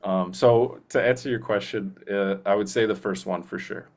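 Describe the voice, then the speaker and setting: A man's voice: lowish voice, fairly even intonation, darkish tone. A male voice actor, a guest in a casual interview, chatting eagerly and rambling with many fillers and restarts. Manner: slips into quick movie-character impressions.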